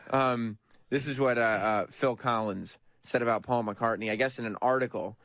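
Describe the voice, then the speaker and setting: A man's voice: mid-range voice, unhurried, fairly bright tone, no echo. Dry, teasing male co-host. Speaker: radio show co-host. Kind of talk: casual radio banter. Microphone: studio microphone.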